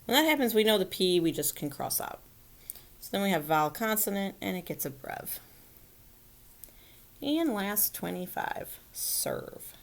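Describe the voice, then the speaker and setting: In this recorded phonics lesson for kids, a woman teacher speaks at a moderate pace in a medium-pitched, sing-song voice, leaving long pauses. She works through the material step by step, patiently checking on her students with frequent "right?"s.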